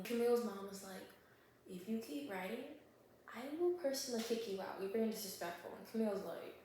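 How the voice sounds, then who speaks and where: A woman recapping a thriller book in a casual vlog, acting out the characters in animated voices and often checking in with the viewer. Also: medium pitch, slight background noise. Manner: animated storyteller who acts out characters. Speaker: book vlogger. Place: home kitchen while baking. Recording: very echoey room.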